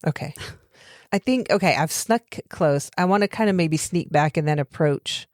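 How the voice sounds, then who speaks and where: A woman playing a tabletop game, thinking aloud about her character's actions in a casual, halting way. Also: low voice, darkish tone, no echo, clean studio sound. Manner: thinks aloud, many fillers and restarts. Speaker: player.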